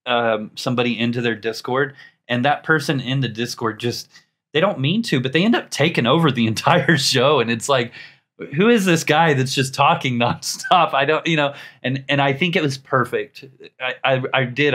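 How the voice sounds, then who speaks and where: A man's voice: medium pitch, normal speed, a bit bright. A man hosting a casual podcast, enthusiastic and full of praise, laughing often and stumbling over words. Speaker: podcast host.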